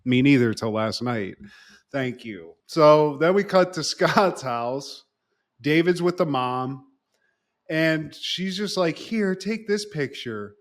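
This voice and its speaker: A man's voice: on the high side, lively intonation, slow pace. A man co-hosting a casual recap podcast, swearing freely and acting out the characters' lines. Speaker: podcast co-host.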